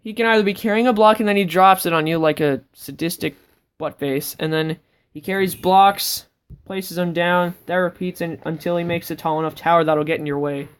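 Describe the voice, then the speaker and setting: Rambling woman vlogger, slightly low voice. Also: brisk, smooth. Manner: rambling, with sudden excited outbursts. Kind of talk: casual sketchbook tour.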